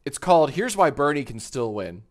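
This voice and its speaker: In a home studio with a green screen, a man in his thirties talks casually on a live stream after some wine, rambling along, joking and cursing freely. His voice is a little high and sing-song, at a normal speed.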